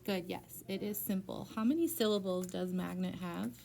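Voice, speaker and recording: Young woman, phonics tutor, patient and encouraging, gravelly voice, mellow tone. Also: lowish voice, fairly even intonation, moderate pace, a little hiss or hum. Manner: patient, encouraging, prompting with questions. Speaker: reading teacher.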